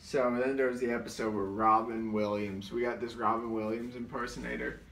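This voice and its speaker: A man's voice: mid-range voice, flat delivery, brisk, vocal fry, a bit bright, slight background noise. A man rambling through memories of comedy sketches, with lots of filler words and restarts. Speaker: comedy show co-host. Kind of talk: rambling comic recollection. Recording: roomy echo, distant mic.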